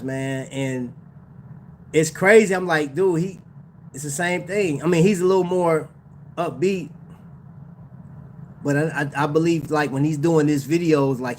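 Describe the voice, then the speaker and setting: A man's voice: on the high side, slight background noise. A man hosting a casual livestream about watches, talking in slang, laughing often and addressing his chat. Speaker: watch channel host.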